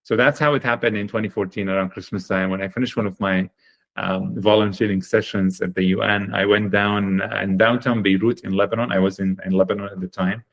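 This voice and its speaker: This podcast guest, who founded a chocolate company, tells his story briskly in a fairly low voice. His manner is earnest and lively, and fillers carry him while he works out what to say.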